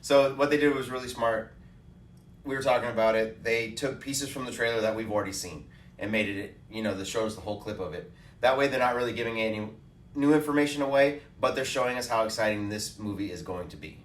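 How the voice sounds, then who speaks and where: A man's voice: mid-range voice, fast talker, a little hiss or hum. A man co-hosting a casual film chat, upbeat and speaking to viewers, recorded at a distance in an echoey space. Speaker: co-host. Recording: roomy echo, far from mic.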